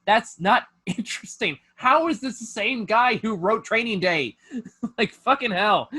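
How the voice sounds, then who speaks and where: A man hosts a loose film review chat over a video call. His talk is animated and sprinkled with swearing and filler words. He mocks what he describes with exaggerated emphasis. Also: sits high, slow pace, breathy edge. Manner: profane, animated, filler-heavy, mocking. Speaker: host.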